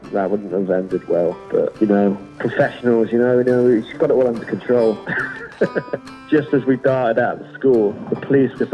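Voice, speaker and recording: A British man, a pro skateboarder, casually recalling sessions in a rambling, chatty way and laughing at his own stories. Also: medium pitch. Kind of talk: casual recollection. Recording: dull sound with music behind.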